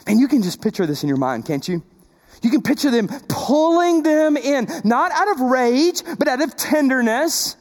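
A woman pastor preaching a sermon, full of rhetorical questions, shifting between loud emphasis and soft, tender passages. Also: high-pitched, normal speed. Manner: animated, asks the congregation many rhetorical questions.

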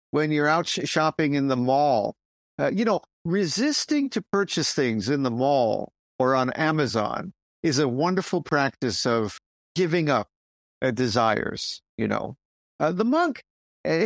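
Zen teacher, French accent, lively and high-ish, dry booth. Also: male voice, gravelly, no echo. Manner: animated, pausing to stress points. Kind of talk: conversational podcast teaching.

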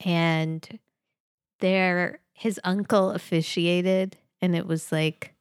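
A woman chatting about crossword clues with a friend in a slow, easy rhythm. She is playful, laughs a lot and swears offhandedly. The recording is close and dry, with no room sound. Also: fairly low pitch, level tone, clear, resonant tone, no echo. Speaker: podcast co-host. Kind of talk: casual chat about crossword puzzles.

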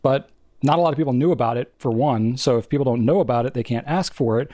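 A young man co-hosting a podcast in casual chat, talking in chatty, rambling runs with quick asides. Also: mid-range voice, warm tone, no echo, clean studio sound. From family from New England. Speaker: podcast co-host.

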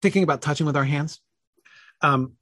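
A man's voice: on the high side, brisk, fairly bright tone, no room sound. A man leading a casual online Bible study, thinking aloud with many fillers and self-corrections and answering chat comments.

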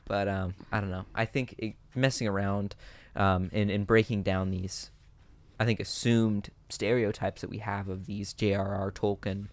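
Low-voiced man musing about worldbuilding. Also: steady tone, normal speed, no echo. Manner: musing, filler-heavy, trailing restarts. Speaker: podcast co-host. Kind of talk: casual chat about tabletop game worldbuilding.

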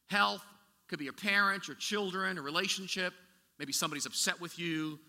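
A pastor delivers a sermon in a strikingly bright, fairly high voice, talking to his congregation in a loose, conversational way. He asks rhetorical questions and often restarts his sentences, and his words ring out with the long reverb of a large hall. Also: a little fast.

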